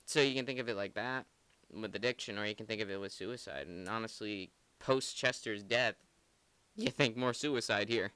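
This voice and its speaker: A man's voice: lowish voice, normal speed, bright, forceful tone, clear, resonant tone, no room sound. A man co-hosting a podcast, breaking down song lyrics in casual, rambling talk full of filler words. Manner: rambling, heavy use of filler "like", earnest. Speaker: podcast co-host. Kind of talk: casual song analysis chat.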